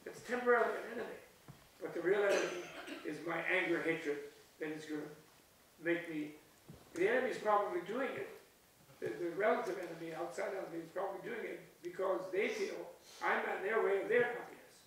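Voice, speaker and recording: Leading a session at a retreat, an older Buddhist teacher speaks briskly in a high, fairly bright voice, drifting between topics and chuckling at his own jokes. The recording catches the hall's echo from afar, along with a faint hiss.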